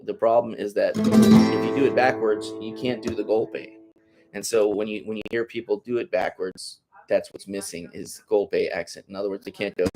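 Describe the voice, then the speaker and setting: Guitar teacher, male, lowish voice, casual rambling explainer who counts beats out loud, with loud guitar playing behind him. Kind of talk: masterclass demonstration.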